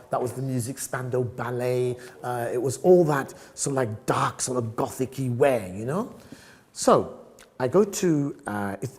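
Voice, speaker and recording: Animated older man telling stories. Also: mid-range voice. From South Africa. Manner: animated, tags sentences with "right?"; laughs often while telling stories. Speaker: podcast guest. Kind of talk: storytelling in an interview.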